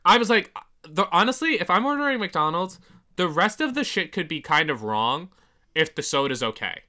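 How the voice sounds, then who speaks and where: A young woman co-hosting a podcast, blunt and expressive in casual chat, swearing freely. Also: on the low side, normal speed. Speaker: podcast co-host.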